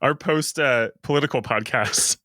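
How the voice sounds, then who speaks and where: A man's voice: mid-range voice, moderate pace, sharp tone, slight background noise. A man co-hosting a podcast, in casual chat that rambles with restarts and jokey puns. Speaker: podcast co-host.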